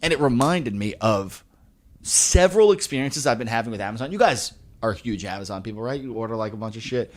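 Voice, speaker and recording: A young man co-hosting a podcast, telling stories in a casual, animated way and breaking into mocking voices. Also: medium pitch, fairly quick. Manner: animated storyteller, swings into mocking quoted voices. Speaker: podcast co-host. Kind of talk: casual chat.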